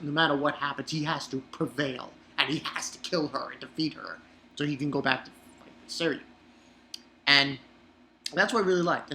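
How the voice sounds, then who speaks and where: Man reviewing in a bright, cutting voice, excitable and swearing, rambling with fillers, pitch leaping when worked up. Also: a little hiss or hum. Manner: voice jumps high when worked up. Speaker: manga reviewer. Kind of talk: casual review monologue.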